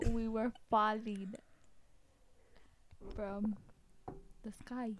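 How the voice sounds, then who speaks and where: A young woman joining her sister's vlog as a guest, soft-spoken and giving short replies. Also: on the high side, flat delivery, very slow, a little hiss or hum. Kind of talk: casual storytelling vlog.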